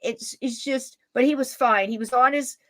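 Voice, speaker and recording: A woman hosting a podcast, telling a story in a lively way and laughing as she goes. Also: high-pitched, normal speed, no room sound. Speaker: podcast host. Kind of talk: animated storytelling.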